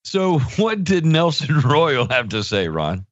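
A man's voice: on the high side, sing-song, slow pace, no room sound. A man co-hosting a podcast, chatting in a playful way and laughing often. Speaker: podcast co-host. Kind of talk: casual chat. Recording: dry, dull lo-fi audio.

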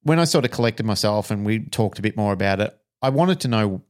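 A man's voice: lowish voice, animated, brisk. A man, a dog trainer co-hosting a podcast, telling a story frankly and emotionally, with some swearing.

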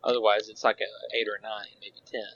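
A man co-hosting a podcast in casual chat, rambling with halting fillers. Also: lowish voice, level tone, fairly bright tone, dull audio. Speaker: podcast co-host.

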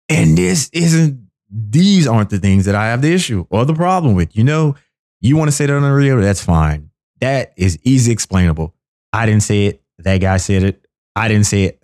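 This male podcast host's casual comedic monologue is recorded dry with clean studio sound. His riffs are animated and repetitive, and he performs quotes using high-pitched voices.

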